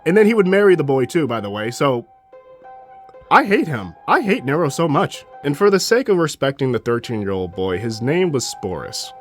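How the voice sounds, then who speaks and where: A man's voice: mid-range voice, sing-song, normal speed, soft background music. A young man giving a casual history commentary, blunt and sarcastic and given to swearing. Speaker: history YouTuber.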